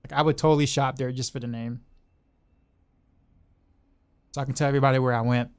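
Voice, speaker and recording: A man's voice: medium pitch, fairly even intonation, very fast, clear, resonant tone. A man chatting casually while streaming a game. He laughs often and repeats himself. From Southeastern United States. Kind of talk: casual chat while gaming.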